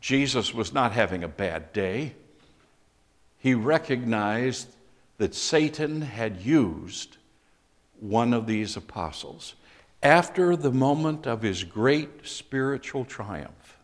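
A middle-aged man preaching a sermon as pastor, slow and emphatic, bursting into loud quotations now and then. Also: medium pitch, lively intonation, in a large hall.

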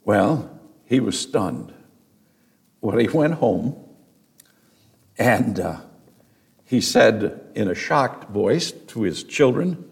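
Extremely slow and gravelly, this lowish-voiced man pauses often yet keeps a lively intonation. He's a pastor preaching directly to his congregation, earnest and story-driven, working up to emphatic peaks.

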